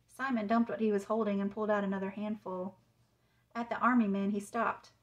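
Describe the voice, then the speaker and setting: A woman author reading a children's chapter book aloud with a measured, suspenseful delivery. Her voice sits in a middle range. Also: medium pitch, little pitch movement, muffled recording. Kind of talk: storybook read-aloud.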